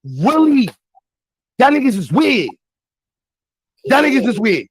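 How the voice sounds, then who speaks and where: A young man with a Brooklyn accent, ranting angrily to his chat on a livestream, shouting and swearing. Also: extremely high pitch, very animated, takes it slowly, breathy edge, dry recording, low-quality recording. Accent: Brooklyn, New York. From New York. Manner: angry, shouting, profane.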